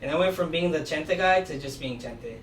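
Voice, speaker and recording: Young male guest, relaxed rambling storyteller, recorded off-mic in a roomy space with noise behind. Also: a little high, a little fast. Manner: relaxed storytelling, many fillers like "you know" and "like". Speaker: podcast guest, aspiring musician. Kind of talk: casual conversation. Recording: echoey room, distant mic, background noise.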